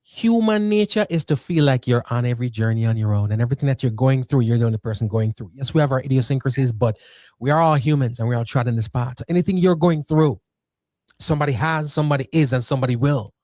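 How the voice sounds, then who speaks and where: A man hosts a podcast interview in a dry, close-miked sound. He speaks at a mid-range pitch, animated and chatty, and often breaks into playful asides. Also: quick pace, no echo. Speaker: podcast host. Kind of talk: conversational interview.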